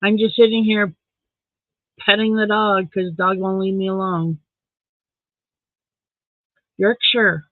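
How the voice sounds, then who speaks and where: His voice is high and level as he takes things slowly, leaving long pauses, with no echo in the dry, phone-like audio. He's a Saskatchewan man running a casual late-night live stream at home, where he reads and answers viewer comments and talks to his dog.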